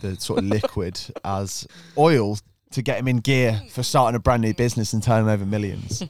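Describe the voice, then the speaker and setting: A man's voice: lowish voice, normal speed. A man co-hosting a podcast in casual banter, reading things out with dry, sarcastic asides. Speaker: podcast co-host.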